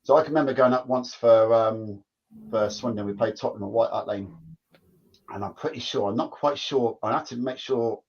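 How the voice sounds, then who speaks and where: Rambling ex-footballer, muffled sound. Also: male voice, mid-range voice, fairly quick, darkish tone. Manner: rambling, repeats "like I say". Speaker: former footballer guest. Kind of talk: casual chat, storytelling. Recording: dull lo-fi sound.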